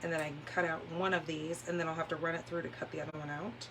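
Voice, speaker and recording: A woman's voice: sits low, level tone, quick pace, background noise. A woman from California hosting a crafting livestream from a room at home, chatting casually and telling rambling stories while she works. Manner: chatty, rambling storyteller who laughs easily. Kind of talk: casual chat while demonstrating paper crafts.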